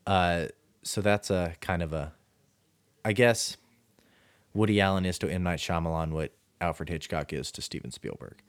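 A man's voice: low voice, fairly even intonation, normal speed, no echo. A man co-hosting a podcast, talking through a film casually with many fillers and restarts. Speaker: podcast co-host.

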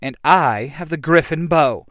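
A man voicing an eager, spirited young female hero with a raised, excited voice. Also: fairly high pitch, normal speed, no room sound, studio quality.

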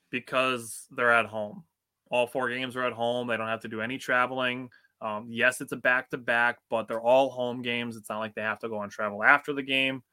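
A young man from Wisconsin co-hosts a sports podcast in easygoing chat. His voice is bright and forward, and he fills his talk with "dude" and "like." He sits in the middle of the usual male pitch. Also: clear, resonant tone. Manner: laid-back and chatty, with frequent "dude" and "like". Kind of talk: casual chat.

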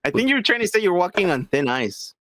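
A man's voice: sits high, no room sound, clean studio sound. A young man co-hosting a podcast, teasing and mocking his friend in a casual drunk chat. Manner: animated, teasing, quick to mock. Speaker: podcast co-host.

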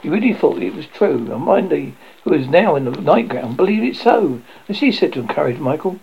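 A man reading a children's classic aloud, lively and prone to stumbles. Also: on the high side, a little fast, creaky, few pauses, a little hiss or hum. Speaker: reader. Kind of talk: storybook reading. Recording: dull lo-fi recording.

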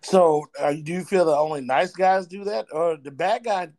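At normal speed, a fairly high, slightly mellow male voice addresses the audience directly. He's the playful host of a laid-back talk show.

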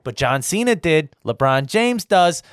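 A man's voice: a little high, big pitch swings, unhurried, clean tone, dry recording, studio quality. A man from the United States delivering an angry, profane political rant that keeps circling back on itself. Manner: profane, repetitive, heated.

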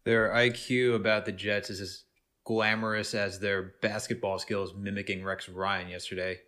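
A man with a fairly low voice chatting about sports as a podcast co-host. He is animated and loose, and he tosses in "man" and "bro" all the time. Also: moderate pace. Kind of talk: casual sports talk.

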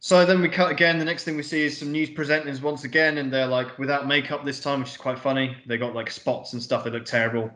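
A man co-hosting a podcast recaps a film scene by scene, loosely paraphrasing the dialogue in an offhand, rambling way and swearing often. His voice is medium-pitched and fairly bright with fairly even intonation, and he talks fast with hardly any pauses. The recording has a roomy echo.

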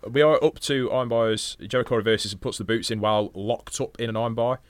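A podcast co-host with a steady, mid-range voice talks fast, recapping a wrestling match from his notes with casual swearing. He's profane and chatty, laughs often, and reads play-by-play between asides, with no room sound on the recording.

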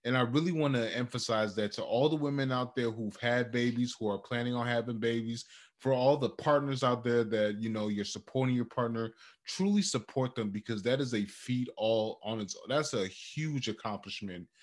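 Animated young man on a podcast. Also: mid-range voice, normal speed. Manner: animated, drops into quoted voices. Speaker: podcast co-host. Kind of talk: casual chat.

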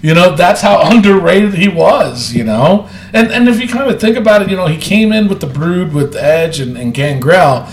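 Loud excitable male podcast host. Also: high-pitched, moderate pace, few pauses, roomy sound. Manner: loud, excitable, laughs a lot. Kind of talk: casual wrestling podcast chat.

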